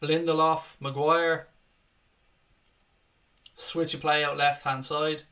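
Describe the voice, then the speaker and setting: A young man hosts a live watchalong, talking through a football match play by play. His voice is bright and cutting, pitched a little high, and he swears freely and flares into furious rants at the referee. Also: little pitch movement, slow pace. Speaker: fan watchalong host. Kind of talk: live fan match commentary.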